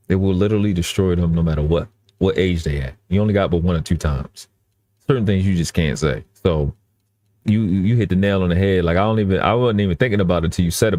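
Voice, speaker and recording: A man's voice: sits low, a little mellow. A man talking earnestly in casual live-stream chat, often restarting and repeating his phrases.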